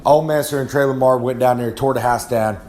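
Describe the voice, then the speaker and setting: A man's voice: mid-range voice, steady tone, fairly quick, mellow, slight background noise. Folksy Southern man rambling about his day. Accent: Southern American. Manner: folksy drawl, refers to himself in the third person. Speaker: wrestler giving a podcast segment. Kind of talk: casual rambling monologue. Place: his trailer at home.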